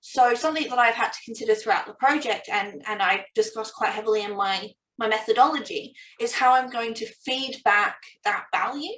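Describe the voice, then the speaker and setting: A woman's voice: fairly high pitch, fairly quick, hardly any pauses, a bit bright, slight background noise. A young woman, a PhD student, talking casually and self-deprecatingly about her research, full of "like" fillers. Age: young adult. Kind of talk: casual academic conversation. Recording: roomy sound from a distance.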